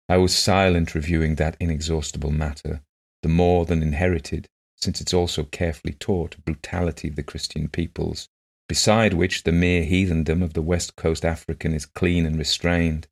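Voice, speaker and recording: Deep, gravelly male story narrator. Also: flat delivery. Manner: measured, literary reading.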